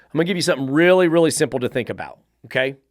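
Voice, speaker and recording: A man's voice: fairly high pitch, expressive, rapid-fire, no room sound. Blunt man in his middle years, dog trainer host, cusses, dry close sound. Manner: blunt, profane, fires rhetorical questions. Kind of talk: podcast monologue.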